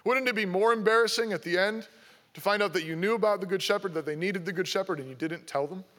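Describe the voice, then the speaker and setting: A man's voice: sits high, fast, a bit bright. A man preaching a sermon, exhorting his listeners with strings of repeated rhetorical questions. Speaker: pastor.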